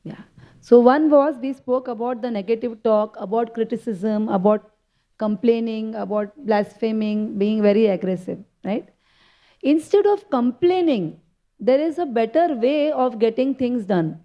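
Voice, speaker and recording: A woman with a fairly high voice gives a devotional talk at a temple festival. She retells a sacred story and keeps checking in with her listeners. The recording sounds dull and lo-fi. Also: measured pace. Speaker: spiritual speaker.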